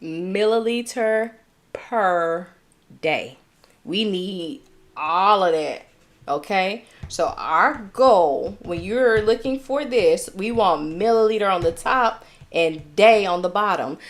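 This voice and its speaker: A young Southern woman runs a live tutoring stream for nursing students. She sounds upbeat and chatty, drawing out her explanations and checking in with "okay?" Her voice sits at an ordinary middle pitch. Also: takes it slowly. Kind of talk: live-streamed tutoring, reading chat comments.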